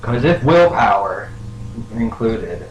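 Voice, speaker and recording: Man, tabletop player, excitable, casual, lowish voice, faint noise. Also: slow. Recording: echoey room with noise.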